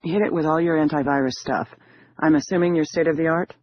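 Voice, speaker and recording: A man's voice: on the high side, steady tone, a little fast, no room sound, close to an everyday voice. A man reading a cool female con artist. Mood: confident. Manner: smooth businesslike briefing. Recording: muffled lo-fi recording.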